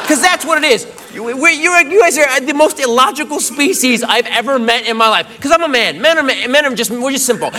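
A man doing a stand-up comedy set on stage, animated and shouting his punchlines. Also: very high voice, fast talker, hardly any pauses. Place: comedy stage before a laughing crowd. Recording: live show, crowd laughter and noise.

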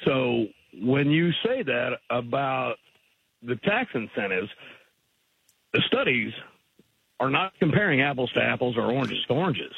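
A man with a gravelly, raspy voice calls into a radio show over a tinny phone line. He talks in an argumentative way, pressing the host on his points. His audio is dry and narrow. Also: mid-range voice, very animated, unhurried, long pauses, dry recording. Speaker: caller. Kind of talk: call-in radio conversation.

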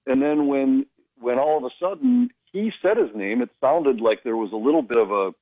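A man who works as a hockey play-by-play broadcaster, telling stories in a casual radio chat and getting animated when he quotes people. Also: medium pitch, moderate pace, no room sound, narrow, tinny audio.

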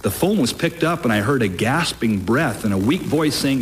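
A man preaching a sermon with emphatic, deliberate delivery, lifting his voice on key phrases. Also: medium pitch, lively intonation, slight background noise. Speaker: pastor.

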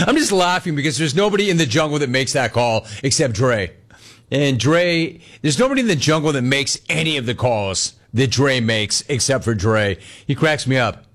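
A man's voice: mid-range voice, animated, moderate pace, a bit bright. A man hosting a call-in sports radio show, talking in a brash, mocking way and laughing often. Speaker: radio sports talk host. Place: radio studio.

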